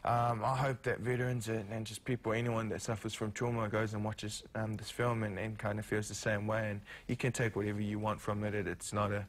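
A man with a New Zealand accent, an actor guesting on a TV morning show, talking in a halting way with many ums and restarts. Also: on the low side, level tone. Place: TV studio.

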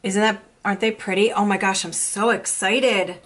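A young woman vlogger chatting casually as she unboxes makeup, gushing and excitable. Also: mid-range voice, normal speed, a little hiss or hum. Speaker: beauty vlogger.

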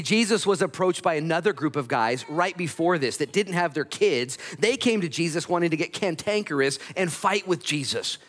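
A male pastor preaching a sermon in a church sanctuary, telling the story with animated, conversational energy. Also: on the high side. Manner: animated storytelling, voices Bible characters in quotes.

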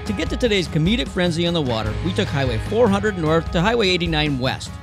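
High, animated voice-over narrator. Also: male voice, fast, music in the background. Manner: reading route directions.

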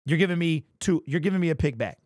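A man's voice: on the high side, expressive, quick pace, a little mellow, no room sound, studio quality. A man hosting a fan commentary channel, talking in an amped, emphatic way and repeating his points. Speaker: sports channel host.

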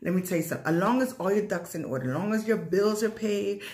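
Excited woman vlogging in an echoey room. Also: medium pitch, quick pace. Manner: rambling, repetitive and emphatic, with many fillers; gushing with excitement when showing her purchase. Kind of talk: casual unscripted vlog.

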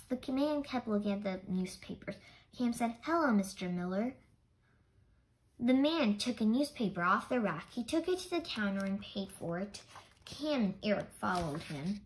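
A woman reading a children's chapter book aloud in an expressive storytelling manner. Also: on the high side, low-quality recording. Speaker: storybook reader.

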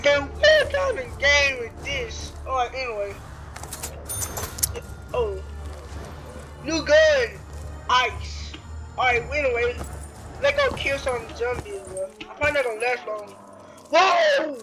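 A man giving rambling, excitable let's-play commentary, yelping and shouting at the game. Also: very high voice, unhurried, long pauses, music in the background. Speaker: gameplay commentator.

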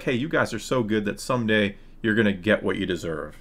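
A man's voice: fairly low pitch, lively intonation, fairly quick. A man recapping and critiquing a TV episode in a casual, sarcastic, frustrated way. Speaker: YouTube reviewer.

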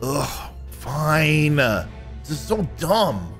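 A man's voice: a little high, sing-song, extremely slow, fairly bright tone, faint music behind, full character voice. A man voicing a sulky, defiant teenage superhero boy who complains and whines. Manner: whiny, complaining, petulant.

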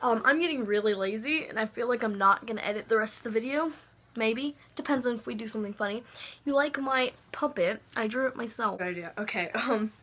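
A woman's voice: on the high side, fairly quick, fairly bright tone. A woman making a casual, goofy home video, giggly and bossy with her sibling. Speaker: vlogger. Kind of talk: casual chat.

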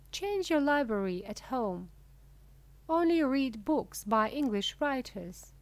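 A woman reading a humorous story aloud as scripted narration, slowly and clearly. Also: on the high side, no echo. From Russia. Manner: slow, clear, deliberate reading. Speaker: audiobook reader. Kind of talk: scripted narration of a graded reader.

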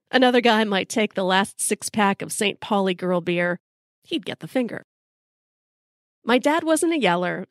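A woman's voice: mid-range voice, no room sound, clean studio sound. A middle-aged American woman telling a personal story in a wry, casual, sometimes profane way. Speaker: storyteller host.

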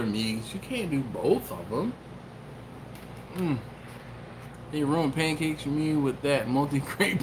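A man with a fairly high, bright voice hosts a casual live stream from his home kitchen. He reads viewer comments aloud and riffs on them, with slight background noise.

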